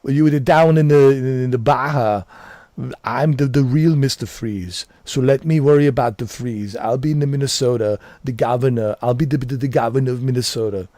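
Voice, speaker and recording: A man doing an impression of a muscle-bound former governor with a thick Austrian accent, talking in halting, boastful bursts. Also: mid-range voice, fairly even intonation, dark tone, dry recording, clean studio sound, lightly acted. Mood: boasting.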